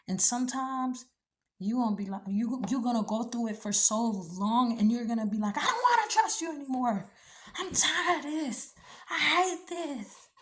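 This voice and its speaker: A woman giving a blunt, preachy faith talk, with slangy asides. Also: mid-range voice. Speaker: speaker giving encouragement.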